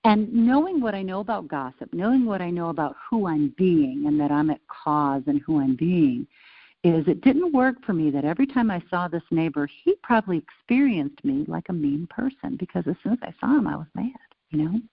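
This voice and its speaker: A woman talking as an interview guest, telling stories with an animated, playful manner, on a dull lo-fi recording. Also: fairly low pitch, a little fast, slightly rough, no echo. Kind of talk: casual interview conversation. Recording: dull lo-fi sound.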